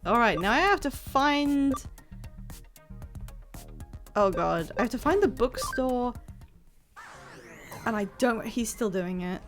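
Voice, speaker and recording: A woman's voice: a little high, animated, slow, long pauses. A woman streaming a game, reading dialogue aloud and giving wry, chatty commentary. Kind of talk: casual live playthrough commentary. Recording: game music playing faintly.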